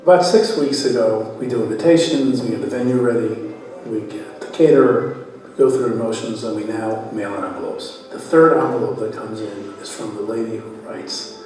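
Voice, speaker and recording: A man's voice: fairly low pitch, moderate pace, darkish tone. A man recounting an event in a matter-of-fact way. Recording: distant, hall reverb, faint music.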